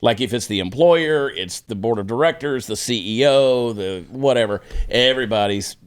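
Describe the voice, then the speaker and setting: A man hosting a casual political talk show, sarcastic and animated, often mocking others in put-on voices. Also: mid-range voice, normal speed, clean tone.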